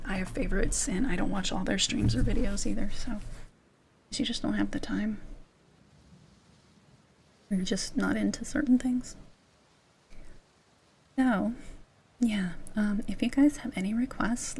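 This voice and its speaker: A young woman streamer whispering soft, rambling ASMR chat with many fillers, speaking into a mic held close to her chest. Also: medium pitch, vocal fry, slight background noise. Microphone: close mic held near the chest.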